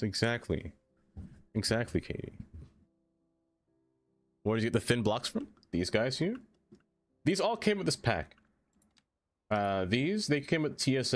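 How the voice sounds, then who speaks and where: A man live-streaming a city-building game, chatting casually with his viewers and laughing often. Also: on the low side.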